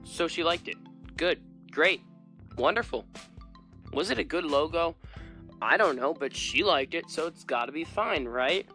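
A man's voice: on the high side, lively intonation, measured pace, long pauses, bright, forceful tone, soft background music. A man hosting a casual fan podcast, talking in a playful, chatty way. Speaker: podcast host.

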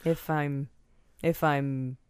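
A woman's voice: low voice, steady tone, extremely slow, clean tone, no room sound, studio quality. A woman co-hosting a casual podcast, giggly and playing along with the banter. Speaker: podcast co-host. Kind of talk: casual chat. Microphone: studio mic.

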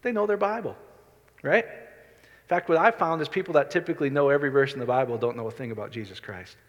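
A man's voice: mid-range voice, quick pace, muffled recording. A middle-aged man preaching a sermon as a pastor, talking conversationally and asking the congregation questions. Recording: reverberant hall.

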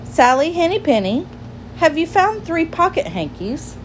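A woman's voice: very high voice, big pitch swings, measured pace, slight background noise, pitched above the performer's own voice, exaggerated voice, poor audio. A woman reading a storybook aloud and voicing a curious, polite young girl with an eager manner.

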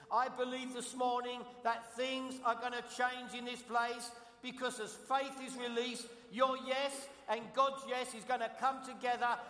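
Man, London accent, preacher, very high pitch, roomy echo. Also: pushed and bright. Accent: London English. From London, England. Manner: emphatic, repeats key phrases, asks the congregation questions. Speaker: guest pastor. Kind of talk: preaching a sermon. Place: church sanctuary. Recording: echoey hall, long reverb.

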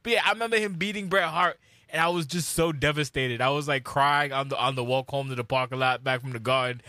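A man in his late thirties from New York, co-hosting a podcast in casual chat with animated storytelling. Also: medium pitch, fast, dry recording, studio quality. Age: late 30s. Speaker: podcast co-host.

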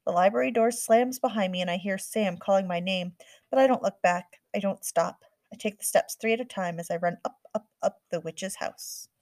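A woman narrating a first-person audiobook in a quick, earnest storytelling manner. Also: medium pitch, darkish tone, dry recording.

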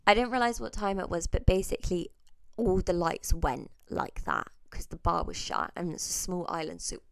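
A woman's voice: fairly low pitch, sing-song, moderate pace, vocal fry, dry recording. A young adult woman vlogger telling a holiday story in a casual, chatty way, swearing freely and laughing between sentences.

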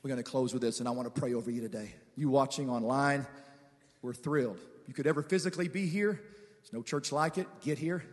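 A man preaching a guest sermon, calling on the congregation to respond, moving between quiet conversational asides and shouted, drawn-out declarations. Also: medium pitch. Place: large church sanctuary with reverb. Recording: long church hall reverb.

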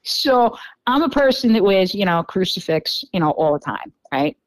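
Speaking at a normal speed in a mid-range voice, a podcast guest with a New York accent animatedly relates a dating story, full of fillers and acting out what people said. There's no echo, though the audio is poor.

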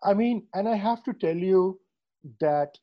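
Over a video call from Srinagar, an Indian man hosts a podcast interview in a high voice, speaking a little slowly through dull audio. He's thoughtful but hesitant, often using fillers and restarting sentences.

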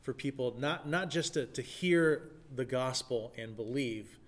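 A man's voice: medium pitch, unhurried. A man in a casual church talk, speaking earnestly and thinking aloud with many fillers. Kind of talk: casual chat.

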